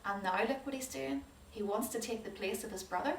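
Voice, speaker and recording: A woman tells a children's Bible story in an animated way, stopping to put questions to her listeners. Her voice sits a little high and reaches the mic from a distance in a roomy, echoing space. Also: a little fast, slight background noise. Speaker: Sunday school teacher.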